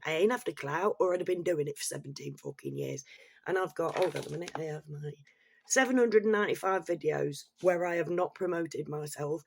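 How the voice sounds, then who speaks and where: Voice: medium pitch, dry recording, studio quality. A middle-aged vlogger, ranting bluntly and rambling with plenty of swearing. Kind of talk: casual opinion rant to camera.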